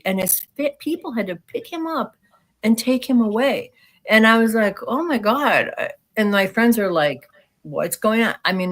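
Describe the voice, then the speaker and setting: Animated woman telling a strange story. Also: mid-range voice. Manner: animated, acts out quoted speech, frank. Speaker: guest sharing alien encounter experiences. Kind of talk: casual storytelling in conversation.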